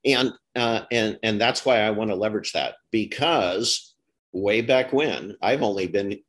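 A man's voice: on the low side, unhurried, a bit bright. A middle-aged man hosting an interview, talking in long rambling stretches with restarts and self-corrections. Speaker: podcast host. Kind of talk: casual interview chat.

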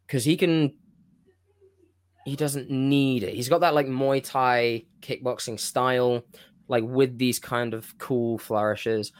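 A man on a casual podcast, rambling and stopping himself mid-thought as he pitches a wrestling storyline. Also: dry recording, studio quality. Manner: rambling, self-interrupting. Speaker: podcast co-host. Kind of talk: casual wrestling fantasy-booking chat.

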